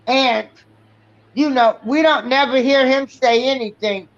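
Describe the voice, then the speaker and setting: A woman on a live stream panel, giving an unhurried, drawn-out recap with fillers in casual talk. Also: high-pitched. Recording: dull, muffled stream audio.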